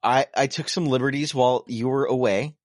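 A man's voice: mid-range voice, fairly even intonation, fairly quick, no room sound, clean studio sound. A man co-hosting a podcast in casual chat, rambling and self-deprecating with sarcastic humor. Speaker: podcast co-host.

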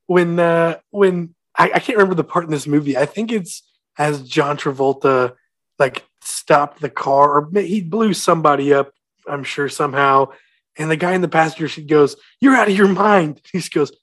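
A man's voice: on the high side, a bit bright. A man co-hosting a podcast, animatedly quoting and laughing about movie lines. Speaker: podcast co-host. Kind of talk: casual movie discussion.

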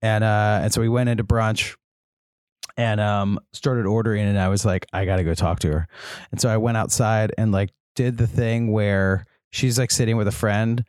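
A man in a relaxed podcast chat, speaking in a low voice. He tells his story in a winding, rambling way with lots of ums. The sound is dry and close. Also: moderate pace, smooth, dry recording. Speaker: podcast co-host. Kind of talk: casual chat.

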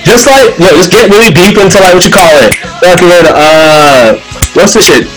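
A man's voice: high-pitched, moderate pace, faint music behind, rough recording. Loose, profane man chatting on a podcast. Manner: loose, profane, riffing with bursts of excitement. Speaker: podcast co-host. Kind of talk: casual chat.

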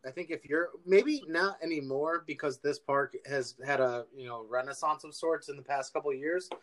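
A man hosting a podcast in casual chat, laid-back and pausing often with ums. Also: on the high side, a bit bright. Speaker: podcast host.

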